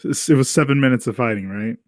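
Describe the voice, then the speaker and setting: A man's voice: medium pitch, fast, dry recording, clean studio sound. A man co-hosting a casual movie-review podcast. He jokes, is sarcastic and laughs between remarks. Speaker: podcast co-host.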